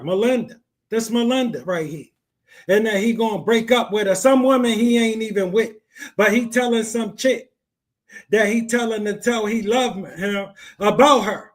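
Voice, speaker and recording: A man hosting a podcast, giving blunt, slangy commentary on a clip. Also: high-pitched. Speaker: podcast host.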